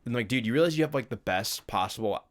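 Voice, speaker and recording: With a medium-pitched voice, lively intonation, and a quick pace, this podcast co-host swaps stories in casual conversation. He's laid-back, laughs a lot, and leans on plenty of filler in his loose phrasing.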